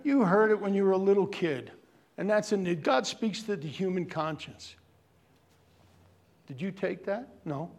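High-voiced preaching pastor, loud to hushed. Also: male voice. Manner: swings from loud, drawn-out preaching to hushed near-whisper; earnest, pleading, conversational. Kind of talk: sermon.

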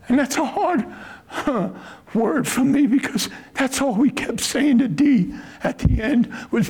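A middle-aged man preaching with fervor, his voice sitting high for a man. He drives points home with force, then eases into slow, soft asides. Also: lively intonation, husky, low-quality recording. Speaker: pastor. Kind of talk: sermon.

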